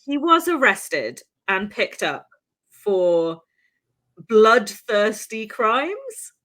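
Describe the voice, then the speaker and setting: A woman's voice: a little high, huge pitch swings, drawn-out words, fairly bright tone. A woman hosting a podcast, telling a true-crime story in a casual, chatty way with many asides and fillers.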